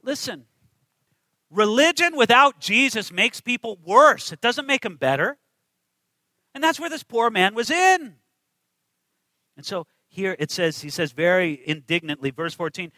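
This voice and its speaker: High bright-voiced male preacher. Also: animated, unhurried, pauses often, no room sound, low-quality recording. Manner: emphatic, rhetorical questions to the congregation. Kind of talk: sermon.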